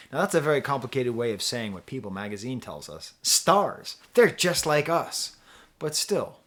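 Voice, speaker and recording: A man's voice: mid-range voice, a bit bright. A man talking casually as a music reviewer, rambling and chatty, with frequent restarts and easy laughter. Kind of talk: casual album review talk.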